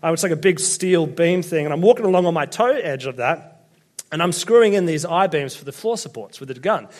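A man's voice: on the high side, lively intonation, brisk, darkish tone. A young Australian man giving a casual sermon, telling chatty, self-deprecating stories to a church congregation. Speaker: preacher.

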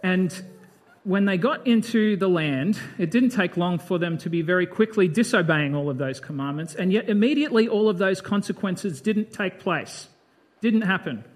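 A man's voice: high-pitched, moderate pace. A man giving a conversational Bible sermon, breaking off from the reading to comment in a chatty, reflective way. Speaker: preacher.

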